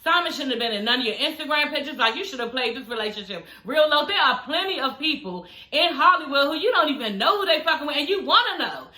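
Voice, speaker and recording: A young woman dishes on a reality show episode with sass and plenty of swearing, laughing between her points. Her voice sits high and bright. The sound carries a roomy echo. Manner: gossipy, sassy, swears freely, laughs often. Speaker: reality TV reviewer. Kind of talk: casual recap commentary. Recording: echoey room.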